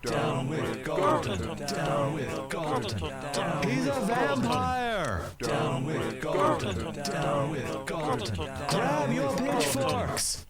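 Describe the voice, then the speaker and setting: A man's voice: on the high side, huge pitch swings, a bit bright, echoey room, faint music behind, exaggerated voice. A man playing an angry villager whipping up a mob. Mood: rallying. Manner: slow rallying chant.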